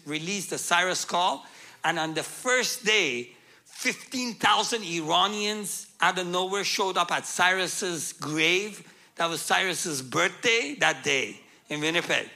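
A man's voice: high-pitched, bright, forceful tone. A man, a guest speaker, telling a humorous testimony story and laughing often.

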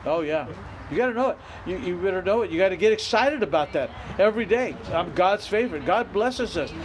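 A middle-aged pastor preaches emphatically, his high voice lively in intonation and a little fast, repeating phrases and climbing into outbursts. The recording is rough, with faint noise beneath it.

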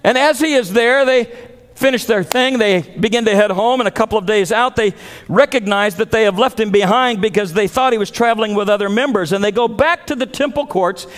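High-voiced pastor preaching in a reverberant hall. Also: male voice, fairly quick, fairly bright tone. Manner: dramatic preaching, acts out voices of biblical figures. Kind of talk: sermon.

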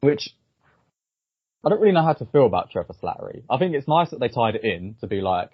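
A low-voiced man with a husky edge talks through a film review in a casual, halting way, filling his pauses with ums. The sound is dry and a little dull, like a modest home podcast setup. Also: no room sound. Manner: hesitant, lots of ums and restarts. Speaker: podcast host.

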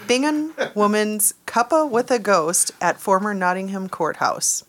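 A woman's voice: mid-range voice, lively intonation, unhurried, a bit bright. A woman co-hosting a radio show, reading out odd news stories with dry, dismissive asides.

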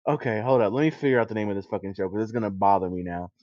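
A man in casual podcast chat, talking in an animated, profane way and laughing often. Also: lowish voice, rapid-fire, no room sound. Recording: dry, dull lo-fi mic.

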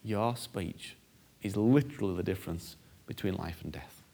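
A man's voice: deep voice, moderate pace, vocal fry, dark tone, slightly rough. A male preacher delivering a sermon, stressing points by repeating phrases and acting out prayers. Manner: emphatic, repeats key phrases and acts out prayers.

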